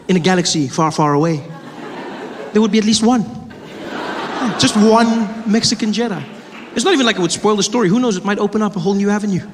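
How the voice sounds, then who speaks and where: Stand-up comic, animated storyteller, fairly high voice, long hall reverb. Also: male voice, noisy background. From South Africa. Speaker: stand-up comedian. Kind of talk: stand-up comedy set. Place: stage in a large venue.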